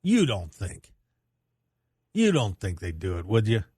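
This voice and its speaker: A man's voice: a little slow, breathy edge, no echo, studio quality. A man hosting a wrestling radio show, chatting casually and teasing his co-host. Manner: animated, teasing, jumps high in pitch when reacting.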